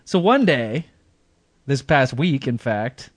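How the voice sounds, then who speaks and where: A man's voice: mid-range voice, very animated, takes it slowly, no room sound. A man co-hosting a podcast in casual chat, rambling through a story and chuckling often. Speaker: podcast co-host.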